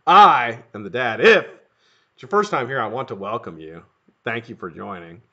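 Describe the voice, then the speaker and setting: On a live stream with dull, lo-fi audio, a middle-aged man rambles at a moderate pace, greeting viewers between profane jokes. His bright, forceful voice has lively intonation and swings widely in pitch.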